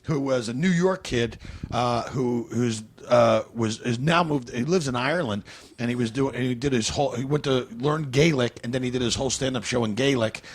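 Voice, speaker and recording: A man's voice: mid-range voice, normal speed. A male comedian guest in casual podcast chat, telling long meandering stories. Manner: rambling, meandering storyteller.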